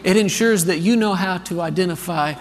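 Man, 30s, pastor, sermon, earnest storytelling, fairly high voice, reverberant hall. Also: a little fast. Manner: storytelling, animated and earnest, calls for responses. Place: large church hall.

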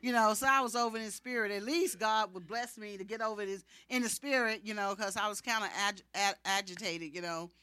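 A woman preacher telling a personal testimony in a sermon, animated and acting out the dialogue. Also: medium pitch, fairly quick, hardly any pauses, no room sound.

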